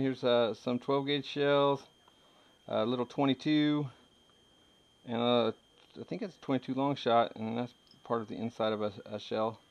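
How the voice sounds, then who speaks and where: A man in his thirties, a metal detecting hobbyist, chats casually while showing off his finds, rambling easily with jokes and frequent laughter. His voice has an ordinary middle pitch, and the audio sounds dull and lo-fi, like a home video.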